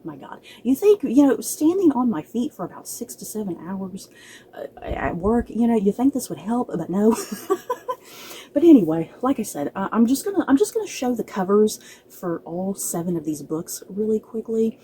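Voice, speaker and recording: A chatty woman vlogger talks straight to the camera while out of breath, often stumbling over her words and laughing. Her voice is very dark and mellow. A faint hiss of noise sits under it. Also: mid-range voice, big pitch swings, moderate pace, low-quality recording. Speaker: book vlogger. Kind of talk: casual chat to camera.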